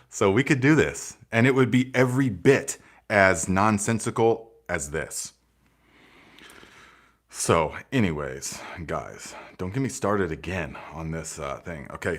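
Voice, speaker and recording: A man hosting a live gardening Q&A, chatting casually with viewers, sarcastic and animated, laughing often and saying "okay" and "guys" a lot. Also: on the low side. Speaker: gardening channel host.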